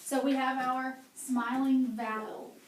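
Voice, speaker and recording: High-voiced female teacher who quizzes patiently and models each sound, recorded from a distance in an echoey classroom. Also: flat delivery, slow pace. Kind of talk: classroom phonics and handwriting lesson. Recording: echoey room, mic far off, faint hum.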